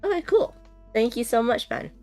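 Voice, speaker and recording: A woman's voice: on the high side, very animated, moderate pace, darkish tone, no room sound, soft background music. A woman chatting casually and giggling as she unboxes a board game on a stream, thinking aloud as she goes.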